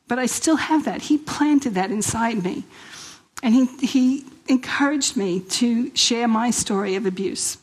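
Woman, New York accent, husky, middle-aged, church testimony speaker, lively storytelling. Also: fairly high pitch, rough recording. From Queens, New York. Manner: lively storyteller who acts out quoted dialogue and laughs often. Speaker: guest speaker at a women's church event. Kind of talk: personal testimony talk.

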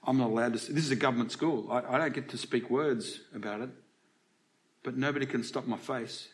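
A middle-aged Australian man gives a brisk, medium-pitched sermon to a church congregation. He keeps it conversational, questioning the congregation along the way.

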